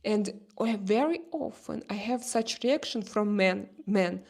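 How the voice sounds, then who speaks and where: A woman's voice: mid-range voice, gravelly. Chatty woman with a Slavic accent. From Slavic country. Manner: animated, halting, many restarts. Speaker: livestream host. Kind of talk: casual livestream chat reading comments.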